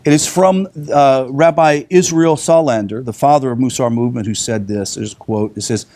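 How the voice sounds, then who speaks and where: A middle-aged man giving a relaxed, conversational lesson to a class, often restarting his sentences and stopping on fillers. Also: mid-range voice, moderate pace. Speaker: teacher.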